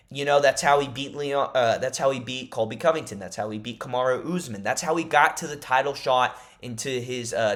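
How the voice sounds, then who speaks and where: A man's voice: medium pitch, a bit bright. Rambling, mock-serious male fight fan. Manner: jokingly insists his made-up leaks are real. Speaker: MMA YouTuber. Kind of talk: casual fight-prediction vlog.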